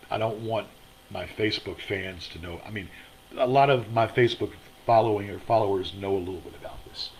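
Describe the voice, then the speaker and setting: On his own online show, a man rants from a motel room in an angry livestream, going around in aggrieved, rambling circles and repeating himself. His voice is lowish, and the rough recording has a little hiss or hum.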